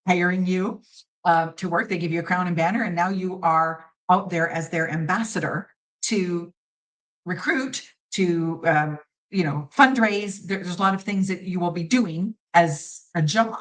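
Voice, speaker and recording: A woman's voice: on the low side, measured pace, rough recording. A middle-aged woman talks through interview questions as a seasoned pageant judge and coach. She sounds confident and emphatic, slips into quoted voices to make a point, and laughs easily. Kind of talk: conversational interview answers.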